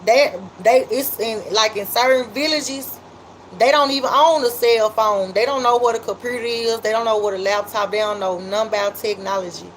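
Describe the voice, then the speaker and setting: Memphis lady on a livestream, kinda high voice, chatty, slow drawl, bit of hiss behind. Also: fairly even intonation, rough recording. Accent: Memphis, Southern US. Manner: chatty, drawn-out, reads comments aloud and shouts out viewers. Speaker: livestream host. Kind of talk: casual livestream chat reading viewer comments.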